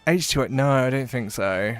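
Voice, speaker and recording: A man's voice: medium pitch, normal speed, soft background music. A man chatting casually while live-streaming a game, rambling and swearing freely.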